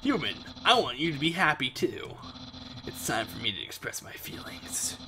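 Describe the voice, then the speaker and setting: A man voicing an awkward, earnest male skeleton in a low, mumbly, halting way. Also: big pitch swings, over music, natural voice, poor audio.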